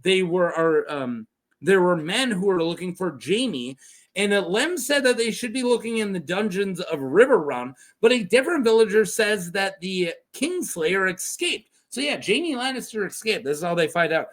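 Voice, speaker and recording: A man's voice: sits high, big pitch swings, normal speed. A man hosting a casual lore recap, rambling and correcting himself as he goes. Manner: rambling, self-correcting, laughs often. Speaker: lore video host.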